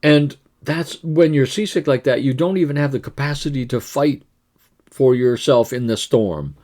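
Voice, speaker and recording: A man's voice: mid-range voice, moderate pace, darkish tone. A man giving a devotional sermon in an earnest, conversational way, with frequent restarts and rhetorical questions. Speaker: pastor.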